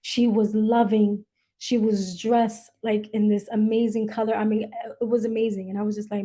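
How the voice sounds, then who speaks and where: Mellow-voiced woman, earnest host. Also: fairly high pitch, level tone, moderate pace. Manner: earnest, emotional storytelling. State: near tears. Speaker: podcast host and coach. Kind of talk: personal reflective monologue.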